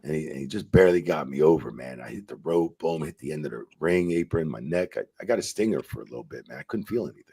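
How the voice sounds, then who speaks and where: A man's voice: a bass voice, lively intonation, fast, gravelly, few pauses, mellow, husky, dry recording. A man in a casual interview who tells stories, swears freely and acts out quotes animatedly. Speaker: retired wrestling referee, guest.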